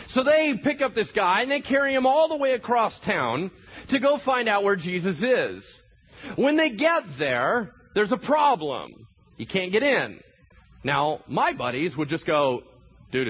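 A man's voice: high voice, big pitch swings, moderate pace, husky, highs cut off. A man preaching a sermon, telling the story with animation and acting out the voices of the people in it. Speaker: pastor.

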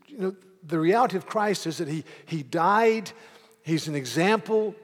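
A man preaching a sermon in a church, emphatic, slowing down to stress key words and repeating words as he starts sentences. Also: on the high side. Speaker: pastor. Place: church sanctuary. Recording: long hall reverb.

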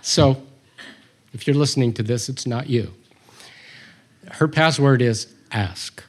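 A man's voice: mid-range voice, slow pace, husky. A man teaching a Bible study, reading scripture aloud and commenting on it with humor.

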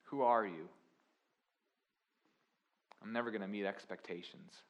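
A young man preaching a sermon, swinging from quiet confessional lines to loud, emphatic preaching. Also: lowish voice, measured pace, dull audio. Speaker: pastor.

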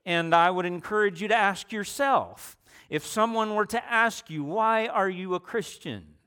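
A man preaching a sermon in a conversational way, slowing down and repeating phrases for emphasis and asking the listeners questions. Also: sits high, pushed and bright, clear, resonant tone. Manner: slow, deliberate delivery with repetition for emphasis; conversational, with fillers and rhetorical questions.

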